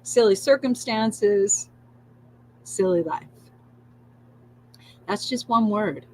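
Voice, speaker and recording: A woman hosting a live spiritual talk, repeating gentle affirmations and swearing now and then. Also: medium pitch, takes it slowly, a little hiss or hum, low-quality recording. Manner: soothing, repetitive affirmations with swearing and laughter. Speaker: spiritual livestream host.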